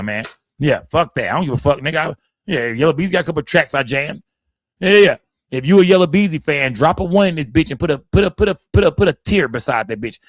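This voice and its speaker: A man from Dallas, hosting a casual livestream, talking in a rambling, profane, animated way into a close mic. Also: fairly high pitch, no echo. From Dallas, Texas. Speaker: livestream host. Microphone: streaming setup, close mic.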